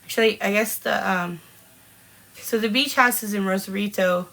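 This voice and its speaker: A woman's voice: medium pitch, moderate pace, a bit bright, low-quality recording. A woman in her forties from Washington State, hosting a live-streamed podcast and chatting casually as she greets viewers by name and laughs often. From Washington State, USA. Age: 40s. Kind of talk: casual chat reading out live comments.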